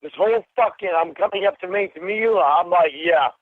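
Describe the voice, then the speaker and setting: A man rages through a phone call, his voice pitched unusually high for a man. He swears and accuses without pause. The line is thin and tinny, with a dry, close sound. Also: no room sound. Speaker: caller. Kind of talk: angry phone confrontation.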